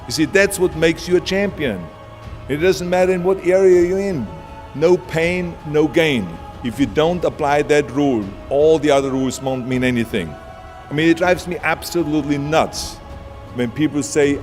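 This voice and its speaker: This motivational speaker, a man with an Austrian accent, talks at a normal speed in a slightly mellow voice on the higher side. His speech is forceful and punchy, set against music and a long hall reverb.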